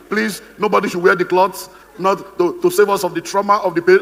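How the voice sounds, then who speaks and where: A man's voice: sits high, steady tone, brisk, sharp tone, in a large hall, slight background noise. A man with a Nigerian English accent, giving a humorous, theatrical seminar talk as a motivational speaker, acting out the voices he quotes. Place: conference hall on stage.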